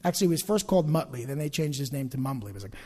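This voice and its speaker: A man's voice: mid-range voice, animated, racing, mellow. A middle-aged male pastor preaching a sermon to a congregation with humor and self-mockery, acting out everyday complaints as he goes. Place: church sanctuary. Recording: reverberant church hall.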